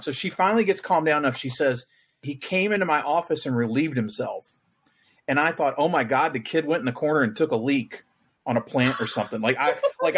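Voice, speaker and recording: A man's voice: medium pitch, moderate pace, fairly bright tone, slightly rough. A man co-hosting a podcast, telling stories in casual chat and laughing through the punchlines. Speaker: podcast co-host.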